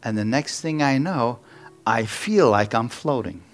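A man's voice: mid-range voice, lively intonation, measured pace. A man preaching in church, telling a story with acted-out quotes and little jokes. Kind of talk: sermon testimony.

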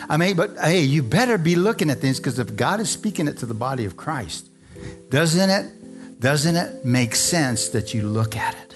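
A man's voice: fairly high pitch, expressive, normal speed, music in the background. A man preaching a live sermon to a congregation, fervent and repetitive, often calling out to the crowd for an amen. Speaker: pastor. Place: church service before a congregation.

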